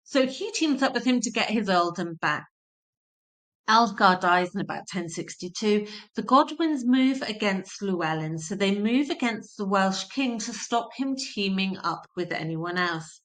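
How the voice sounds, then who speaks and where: A woman's voice: medium pitch, animated, unhurried, fairly bright tone. A woman teaching a history lesson, explaining terms simply and repeating key points for emphasis.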